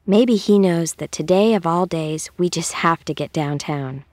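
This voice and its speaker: A woman's voice: fairly low pitch, a little slow, a little mellow, dry recording, lightly acted. A woman voicing an earnest young boy in a storybook reading.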